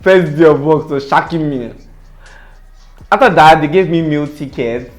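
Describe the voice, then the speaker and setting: A young man with a Nigerian accent, telling a story on his vlog in an animated, dramatic way. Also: a little high, measured pace. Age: young adult. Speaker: vlogger.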